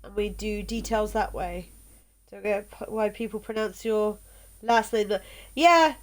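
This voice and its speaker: A woman streaming a video game, chatting casually with viewers in a halting way, tripping over words. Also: medium pitch.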